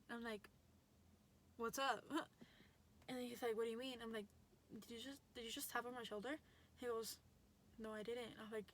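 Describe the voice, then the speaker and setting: A woman's voice: fairly high pitch, slight background noise. A young adult woman telling a story in a casual vlog, chatty and full of fillers and restarts. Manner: chatty, lots of likes and restarts. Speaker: vlogger.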